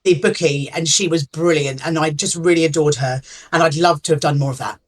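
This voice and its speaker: A woman's voice: sits low, fairly quick. Actress guest, woman; casual, chatty, self-mocking interview talk. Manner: chatty, self-deprecating, laughs easily.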